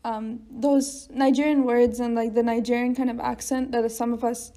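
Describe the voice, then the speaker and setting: A teenage girl with a high, light voice co-hosts a relaxed podcast chat. She talks in loose, rambling sentences full of fillers and laughs easily between thoughts. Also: normal speed. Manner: chatty, laughs often, many fillers. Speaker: podcast co-host. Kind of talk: casual chat.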